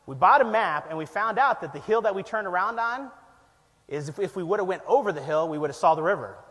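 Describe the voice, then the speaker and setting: A high-pitched male pastor spins an animated, self-deprecating story from the pulpit, laughing as he goes. His voice rings out with long church hall reverb. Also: quick pace. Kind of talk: storytelling sermon.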